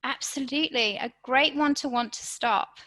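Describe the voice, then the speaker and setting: This woman's high voice, delivered at normal speed with a fairly bright tone, comes through a rough recording. She's leading a live online workshop, addressing listeners directly and encouragingly and often asking "okay?"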